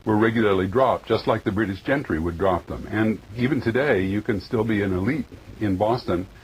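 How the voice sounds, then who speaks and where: A middle-aged man, a linguistic anthropologist, explaining things in a news interview, quick to laugh. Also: on the low side, slight background noise, poor audio. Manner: explanatory, laughs easily, some restarts.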